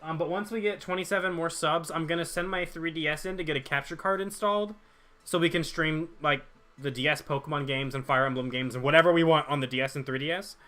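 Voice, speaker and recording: A man's voice: on the high side, fast, pushed and bright. A young man streaming a game, chatting casually and jokingly with his viewers while reading their chat aloud.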